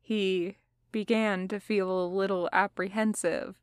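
A woman reading fan fiction aloud as audiobook narration, steady and picking up pace in tense passages. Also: medium pitch, unhurried, clean tone, no echo, clean studio sound. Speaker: podfic reader.

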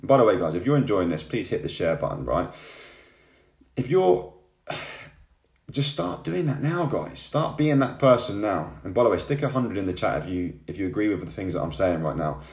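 A man's voice: lowish voice, big pitch swings, normal speed, darkish tone. A man giving a fired-up motivational talk, tagging his lines with "yeah?" and "right?". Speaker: motivational vlogger. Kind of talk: motivational monologue to camera. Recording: echoey room.

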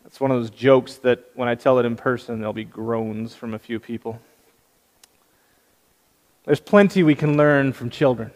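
Male preacher, slightly high voice, anecdotal sermon with gentle humor, long hall reverb. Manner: storytelling with light humor. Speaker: pastor.

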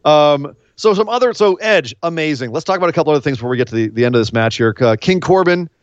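Emotional excitable man recapping wrestling. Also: a little high, fast, no echo, highs cut off. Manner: excitable, gets choked up, emphatic. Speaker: podcast co-host. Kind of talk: casual wrestling recap chat.

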